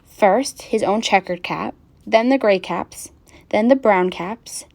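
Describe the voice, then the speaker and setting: A woman reading a picture book aloud with gentle, expressive narration. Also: medium pitch, slow pace, creaky. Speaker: storyteller.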